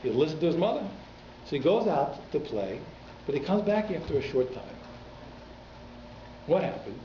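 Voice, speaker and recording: A man's voice: fairly high pitch, moderate pace. Man telling a story at a lecture. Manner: animated, repeats words for emphasis. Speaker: rabbi teaching a class. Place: community synagogue hall. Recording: echoey, dull hall recording with faint noise.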